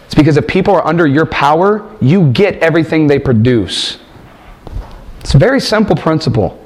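A man's voice: fairly high pitch, lively intonation, brisk. A man preaching a sermon and reading scripture, emphatic, asking rhetorical questions and repeating phrases for stress.

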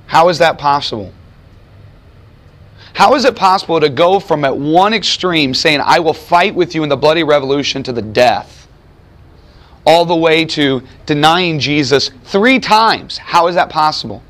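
A man with a high, expressive, slightly bright voice delivers a sermon at a moderate pace to students gathered in a chapel or lecture room. He stays conversational but emphatic, giving voice to the figures he quotes.

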